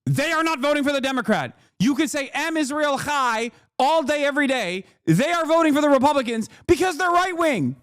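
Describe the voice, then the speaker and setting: High-voiced man ranting on stream. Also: big pitch swings, fairly quick, hardly any pauses, fairly bright tone, no echo, clean studio sound. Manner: profane, ranting, sarcastic. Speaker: streamer host. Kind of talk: casual reaction commentary.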